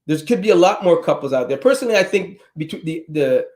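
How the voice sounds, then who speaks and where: A man's voice: fairly high pitch, expressive, fast talker, a little mellow. A middle-aged man with a Trinidadian accent, speaking bluntly as a guest. He is opinionated and emphatic, and he talks in a loose, conversational way. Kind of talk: casual chat.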